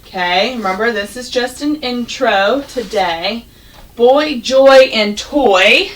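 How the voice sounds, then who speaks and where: A woman teaching a first grade class, sounding out words slowly and praising the children. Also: on the high side, far from the mic, a little hiss or hum, rough recording. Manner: slow, exaggerated sounding out of words, encouraging. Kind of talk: classroom phonics and reading lesson.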